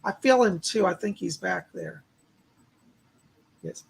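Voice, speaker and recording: A man with a deeply gravelly, husky voice hosts a live psychic reading stream. He talks his listeners through a calm visualization. He passes on messages from the other side in a chatty way, full of "he said" and "she said.". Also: slow pace. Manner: relays spirit messages with constant "he said" asides. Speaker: psychic medium.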